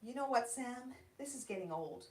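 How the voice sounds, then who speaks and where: A woman's voice: a little high, lively intonation, moderate pace, pitched above the performer's own voice, lightly acted. Woman reading weary mother, curt and dry, storybook reading, echoey room, far mic. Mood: fed up. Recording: roomy hall sound, distant mic.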